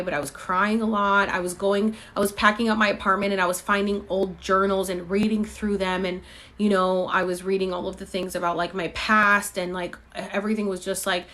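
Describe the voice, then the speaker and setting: A woman's voice: medium pitch, a bit bright. A young woman hosting a podcast, telling a personal story in a chatty way with lots of fillers. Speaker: podcast host. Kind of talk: casual storytelling.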